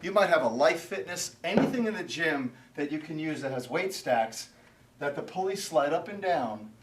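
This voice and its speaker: A man's voice: a little high, moderate pace, distant mic, very noisy. A male fitness trainer giving workout instruction, counting reps and explaining exercises. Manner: loud counted cues, then calmer explaining. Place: gym. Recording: roomy echo, from off-mic.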